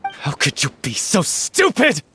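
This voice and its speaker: An actor voicing a grieving male troupe member who is accusing and shouting in a video game. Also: on the high side, sing-song, moderate pace, faint music behind. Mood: furious.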